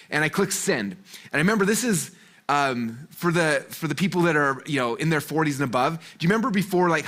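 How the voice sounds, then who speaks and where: Fast-talking animated man telling stories. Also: on the high side. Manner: animated, acts out the voices in his stories, many fillers. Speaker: guest speaker at a business seminar. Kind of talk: energetic storytelling talk to a live audience.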